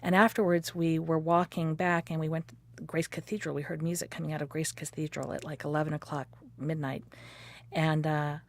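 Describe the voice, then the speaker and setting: A woman in her fifties telling the story of her courtship in a lively way, laughing often and acting out quotes. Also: low-pitched, fairly quick. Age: 50s. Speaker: interviewee recounting her courtship. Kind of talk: personal storytelling conversation.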